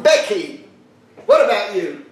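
A man with a high, swooping voice teaches Torah to a gathered group, joking and quizzing listeners by name. He is picked up from a distance in a very echoey room. A faint hum of noise sits underneath. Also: sing-song, slow pace. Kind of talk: lively Torah talk to a live group.

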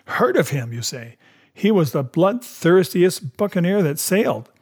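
A man voicing a hot-headed, exclamatory gentleman squire in a storybook reading, with a husky voice. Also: high-pitched, very animated, a little slow, pitched above the performer's own voice, heavily acted. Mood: boastful. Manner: exclamatory, boastful. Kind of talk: audiobook character voice.

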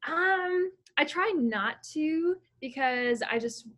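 A woman's voice: high-pitched, animated, takes it slowly, a bit bright. A young adult woman chatting casually as a guest on a podcast, who laughs often. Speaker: guest runner.

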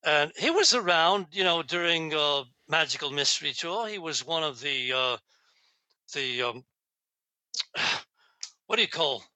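A man's voice: fairly high pitch, expressive, a little slow, pauses often, pushed and bright, dry recording, low-quality recording. A man in a time-traveling famous singer persona, chatting casually on a podcast with rambling, laughing anecdotes.

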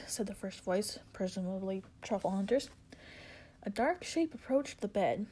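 Woman reading a story softly. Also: medium pitch, moderate pace, low-quality recording. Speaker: reader. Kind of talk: audiobook reading.

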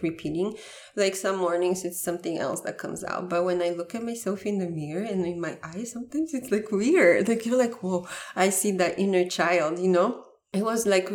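A young woman talks as a podcast guest in an earnest, heartfelt way. Her voice sits a little low, and her speech is full of "like" fillers and restarts. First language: Bulgarian. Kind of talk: casual interview talk.

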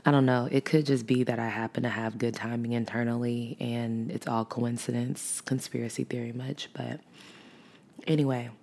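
A woman's voice: a bass voice, fairly even intonation, normal speed, darkish tone. A woman hosting her own podcast, talking in a rambling, reflective, casual way with chatty asides. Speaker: podcast host. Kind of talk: casual solo podcast monologue.

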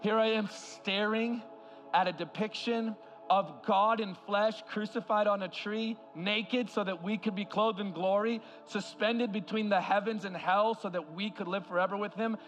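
Impassioned high-voiced male preacher. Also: steady tone, normal speed, faint music behind. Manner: impassioned preaching, swings from loud to hushed. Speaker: guest preacher. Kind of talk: sermon. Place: large church hall.

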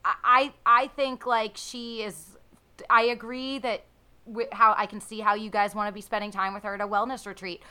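A woman's voice: medium pitch, little pitch movement, moderate pace, sharp tone, smooth. A woman co-hosting a casual TV recap podcast, talking with hesitant restarts. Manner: hesitant, lots of restarts and fillers. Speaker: podcast co-host. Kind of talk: casual chat.

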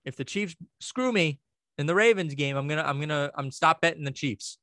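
A man co-hosts a podcast in loose, crude banter, swearing freely through jokey rants. His voice sits a bit high for a man, and the sound is dry and close, with no room in it. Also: brisk, sharp tone, no echo. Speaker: podcast co-host.

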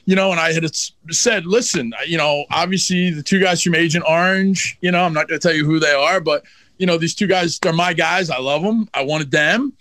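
A high-pitched man telling a blunt, profanity-laced backstage story with animated energy. His voice is recorded dry and close, with no room sound. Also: fairly quick, no echo. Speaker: wrestling manager guest. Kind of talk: candid storytelling interview.

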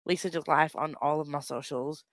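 A woman's voice: low-pitched, steady tone, fairly quick, dry recording. Female co-host, giggly rambling chatter, dry close sound. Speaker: podcast co-host. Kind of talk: casual chat.

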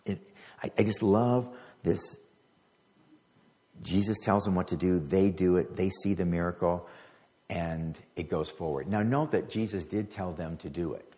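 A man's voice: sits low, measured pace, warm tone. A middle-aged man preaching a sermon as pastor, talking conversationally and stumbling over words at times. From United States.

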